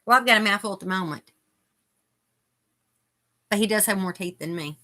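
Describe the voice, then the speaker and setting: A woman's voice: mid-range voice, normal speed, bright, forceful tone. A woman hosting a casual live chat, reading viewer comments aloud as she crochets. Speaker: host.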